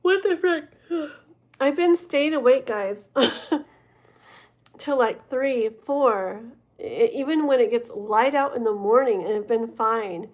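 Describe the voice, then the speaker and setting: A young woman on a late-night tarot livestream, sounding tired as she rambles and giggles with her viewers. Her voice sits a little higher than most women's, and she drifts loosely from one thought to the next. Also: slow. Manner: rambling, giggly, talks to chat. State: tired, yawning. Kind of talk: casual livestream chat.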